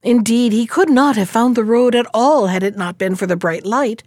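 A woman reading a fairy tale aloud, narrating in a measured, expressive way. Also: fairly high pitch, no echo, studio quality. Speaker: storyteller.

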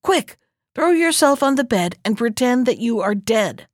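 A woman reading aloud voices a sly, quick-witted man who schemes in an urgent, raised tone. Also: fairly high pitch, big pitch swings, dry recording, clean studio sound.

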